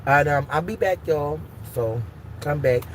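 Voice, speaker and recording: A woman's voice: low voice, unhurried, a little hiss or hum. A woman hosting a casual live stream, talking emphatically and with plenty of swearing, moving between heated outbursts and tender encouragement.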